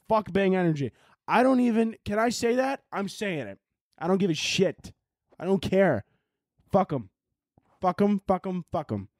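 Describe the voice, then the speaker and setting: A man's voice: fairly high pitch, darkish tone, no room sound, studio quality. Young man ranting profanely on his podcast. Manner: profane, exasperated, rambling. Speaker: podcast host. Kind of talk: solo podcast rant. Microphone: laptop and camera audio.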